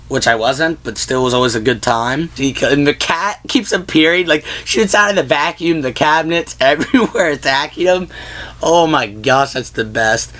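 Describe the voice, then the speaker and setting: In a laid-back vlog about a list of movies, the male host rambles on, leaning heavily on "like" and "whatnot." He speaks in a mid-range, fairly bright voice.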